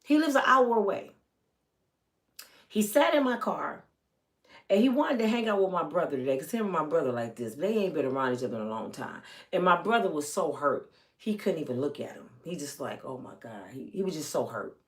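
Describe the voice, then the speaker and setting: A middle-aged woman vlogging a personal story to her viewers, animated, swinging from loud to hushed and acting out the people she quotes. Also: sits low, a little fast.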